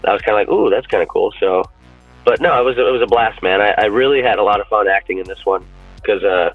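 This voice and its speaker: A man talks casually as a podcast guest, rambling and animated and swearing freely. His voice is slightly low and very dry, coming through a thin, phone-like line with faint music underneath. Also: fast, dry recording. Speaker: podcast guest and fan-film actor. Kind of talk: casual chat.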